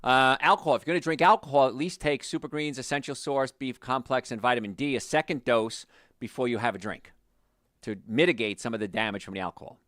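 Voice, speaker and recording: A doctor hosts a health talk show, chatting casually and quickly as he tells stories about his patients. He's animated and drops into a lowered voice when quoting them. The recording is dry and clean, with a studio sound.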